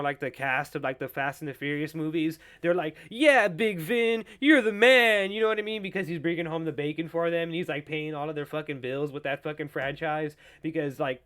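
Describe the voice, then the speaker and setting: A young man with a fairly high voice hosts a casual solo pop culture podcast. He rants with heavy swearing, and his tone is sarcastic and mocking. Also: fairly bright tone, smooth. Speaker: podcast host.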